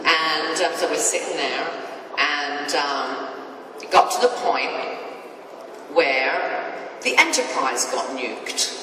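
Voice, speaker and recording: A British woman telling anecdotes as a guest on a convention panel, in an animated, sarcastic way. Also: low voice, takes it slowly, pauses often. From Britain. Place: large convention hall. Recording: echoey hall from far off, noisy.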